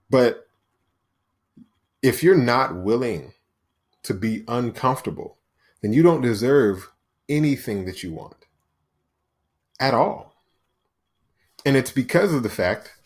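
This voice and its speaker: A man with an ordinary mid-range voice talks straight to his listeners in a motivational monologue. He is emphatic and punchy, often asking "right?" and slipping into the voices he describes. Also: mid-range voice. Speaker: podcast host.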